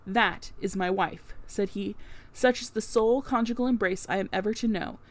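A woman's voice: mid-range voice, moderate pace. Woman reading a classic novel aloud. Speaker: audiobook narrator. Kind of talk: scripted narration of a classic novel.

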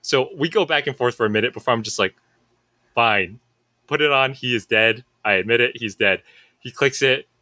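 Bright-voiced man telling animated stories. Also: medium pitch, moderate pace, dry recording. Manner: animated storyteller, acts out quoted friends. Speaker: podcast co-host. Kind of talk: casual storytelling chat.

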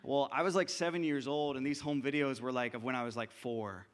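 A man's voice: medium pitch, steady tone, brisk. A young man preaching a sermon as pastor, earnest and conversational, often restarting his sentences.

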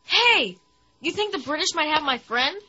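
A woman voicing a spirited, wisecracking young boy in a radio drama, quick to protest. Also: high voice, lively intonation, bright, forceful tone, no room sound. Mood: curious. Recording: dull lo-fi audio with music.

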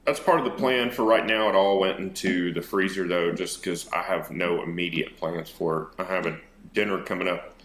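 At a normal pace and low pitch, a podcast co-host from North Texas talks over a remote call, with reverb and a faint hiss or hum in the background. He rambles casually in a relaxed way, often pausing on fillers.

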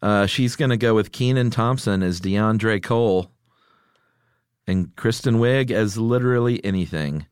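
A man's voice: lowish voice, measured pace, clear, resonant tone, dry recording, clean studio sound. A middle-aged man hosting a podcast in casual chat, reading listener picks aloud and laughing often. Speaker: podcast host.

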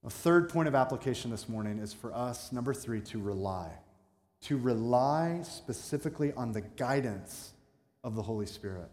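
A man's voice: mid-range voice, animated, moderate pace, a little mellow. A man preaching a sermon as pastor, telling stories with self-mocking asides and shifting from playful to earnest. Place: church sanctuary. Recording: echoey hall with long reverb.

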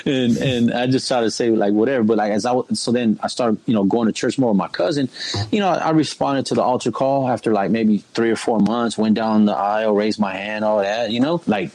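A young man tells his life story as a casual spoken testimony in laid-back street slang, constantly saying "bro" and "you know what I mean." His voice is fairly low, brisk and slightly mellow, captured in a low-quality recording with no room sound.

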